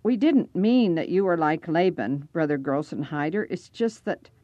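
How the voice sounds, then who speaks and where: A nervous, earnest young boy , voiced by a woman reader, stammers and trails off, his voice pitched up and rising and falling a lot. The recording is dry and close. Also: expressive, normal speed, no echo, lo-fi sound. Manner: hesitant, stammering.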